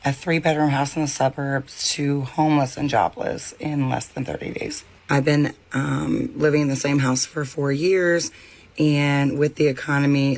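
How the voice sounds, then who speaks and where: Calm woman recounting her story. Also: a bass voice. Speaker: parent sharing her story. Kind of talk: personal vlog.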